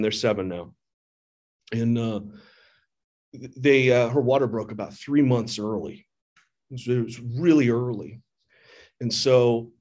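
Earnest middle-aged man sharing his story. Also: medium pitch. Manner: earnest and candid, with frequent restarts. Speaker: speaker sharing at a recovery meeting. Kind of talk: personal recovery testimony. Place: church meeting hall. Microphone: podium microphone.

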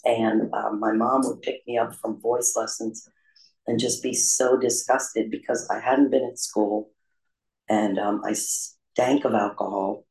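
A man candidly telling his own recovery story in a confessional, self-deprecating way, with frequent pauses and "um" fillers. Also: fairly low pitch, fairly even intonation, vocal fry, a little mellow. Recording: roomy echo.

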